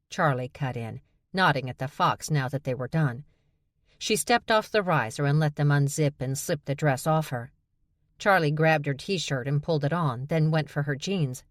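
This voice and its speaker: A woman reads a romance audiobook in a low, dry studio voice. She narrates steadily and shifts into character voices for the dialogue. The sound is close and free of room echo. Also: expressive, normal speed.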